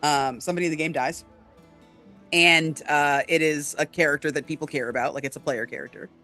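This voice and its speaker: A woman's voice: sits low, steady tone, a little fast, pushed and bright, soft background music. A woman co-hosting a casual chat about tabletop games, with lots of fillers, often checking in with "right?". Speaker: podcast co-host.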